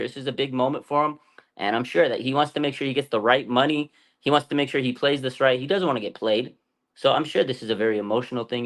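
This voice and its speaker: A man hosts a casual football fan livestream, thinking out loud. His delivery rambles and doubles back, full of fillers and restarts. His voice sits at an ordinary middle pitch. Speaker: fan channel host. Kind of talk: casual sports talk livestream.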